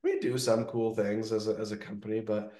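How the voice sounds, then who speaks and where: A man's voice: fairly low pitch, fairly quick, roomy sound. A man who owns a gutter business, telling stories in a casual interview, peppering his talk with "like" and "right?". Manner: energetic storytelling, frequent "like" and "right?". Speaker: gutter business owner, guest.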